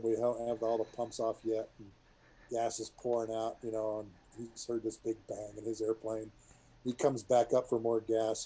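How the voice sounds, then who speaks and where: A middle-aged man, a retired military pilot, telling rambling war stories to a group in a casual, animated way. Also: on the low side, poor audio. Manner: rambling, animated, many restarts and asides.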